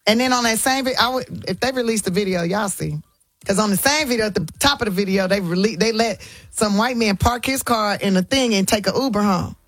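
A woman's voice: mid-range voice, fairly quick, no echo. A woman talking as an interview guest in casual chat, telling stories bluntly in slang and laughing as she goes. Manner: blunt, colloquial storytelling with slang; animated, laughing storyteller.

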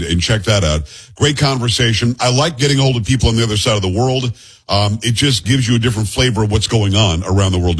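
Into a studio microphone, a radio talk-show host with a fairly low, breathy-edged voice rambles and cracks jokes. He keeps up teasing banter with his co-host from the studio.

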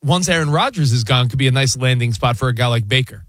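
A man co-hosting a sports radio show, asking rapid questions and joking around in casual banter. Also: mid-range voice, expressive, a bit bright, no room sound, studio quality.

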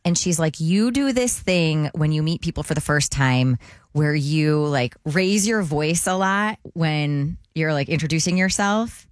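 A woman co-hosting a morning radio show, telling a family story in lively casual chat. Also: sits low, measured pace, dry recording, clean studio sound. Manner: animated storyteller.

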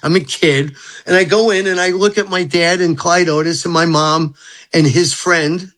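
Older man, from Brooklyn, radio guest, earnest, rambling, somewhat high voice. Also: steady tone, normal speed, a bit bright. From Brooklyn, New York. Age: 70s. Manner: earnest, rambling, spiritual storytelling. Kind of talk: radio interview.

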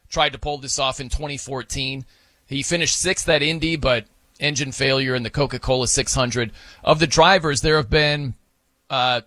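A man's voice: mid-range voice, pushed and bright, dry recording. A man co-hosting a sports talk show, chatting casually and animatedly, laughing and acting out wrestling announcer bits.

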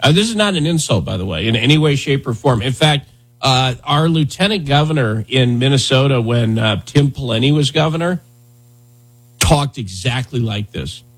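Husky-voiced man rambling on talk radio. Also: mid-range voice, expressive, moderate pace. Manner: rambling, conversational, lots of fillers. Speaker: radio talk show host. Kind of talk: casual talk radio chat.

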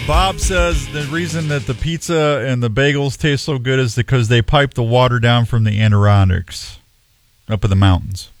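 A man in his sixties hosts a radio show with a mid-range voice at a moderate pace, faint music playing behind him. He tells rambling, folksy stories, restarting often, and mixes casual chat with announcements.

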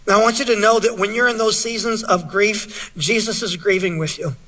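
A man's voice: sits high, steady tone, fairly quick, bright, forceful tone, husky. A man preaching a sermon, reading scripture aloud and earnestly asking his listeners questions. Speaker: pastor.

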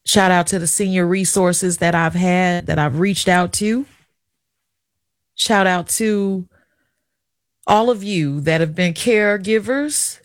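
A woman's voice: lowish voice, slow pace, no echo, clean studio sound. Emotional middle-aged woman radio host. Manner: candid, emotional, confiding, chatty. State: tearful at times. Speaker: radio talk show host. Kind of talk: emotional personal radio monologue.

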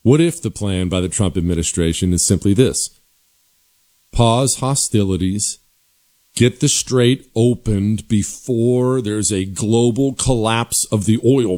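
A man hosting a political commentary show, talking forcefully and sarcastically with emphatic repetition. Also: lowish voice.

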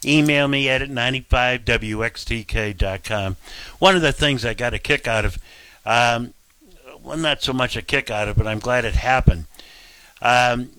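A man's voice: medium pitch, moderate pace, pushed and bright, smooth, dry recording. A man hosting talk radio, giving blunt, rambling opinions. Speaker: radio talk show host.

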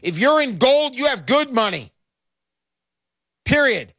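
A man's voice: extremely high pitch, sing-song, measured pace, a bit bright, dry recording. A middle-aged man hosting a radio talk show, brash and emphatic, repeating his lines for effect. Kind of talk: talk radio with sales pitch.

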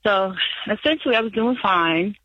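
A woman's voice: medium pitch, expressive, moderate pace, no room sound. A woman calling in to an advice show, anxious and rambling, laughing nervously as she lists her numbers. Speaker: caller. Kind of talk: phone-in call. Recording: muffled phone line.

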